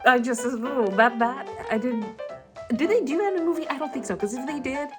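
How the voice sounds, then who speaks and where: A young woman vlogger reading a novel aloud, expressive and easily spooked, breaking off to react. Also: high voice, fairly quick, music in the background.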